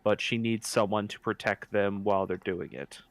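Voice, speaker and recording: A man's voice: fairly low pitch, steady tone, moderate pace, no echo. A man chatting casually while playing a tabletop role-playing game, often correcting himself mid-sentence. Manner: rambling, self-correcting. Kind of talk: casual tabletop play over voice chat.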